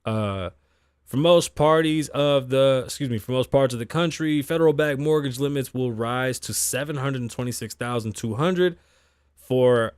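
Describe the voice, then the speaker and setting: A man's voice: mid-range voice, moderate pace, a little mellow, clean tone, no echo, studio quality. Blunt, foul-mouthed man hosting a talk show. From Las Vegas, Nevada (lives there). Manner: blunt, heavy swearing, reads news aloud and riffs. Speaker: podcast host. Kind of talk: casual talk-show commentary, profane.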